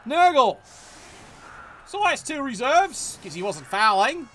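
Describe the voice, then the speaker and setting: High-pitched man commentating. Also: big pitch swings, slow pace, sharp tone, slight background noise. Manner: profane, exasperated, scolding the players. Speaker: game commentator. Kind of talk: live play-by-play commentary.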